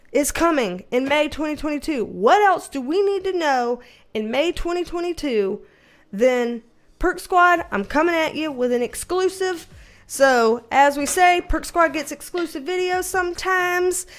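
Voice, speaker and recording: A tarot reader with a high, expressive voice chats casually with her viewers, speaking a little slowly. Her vlog-style talk is loose, chatty, and repetitive, and at times she switches to baby talk for a puppy.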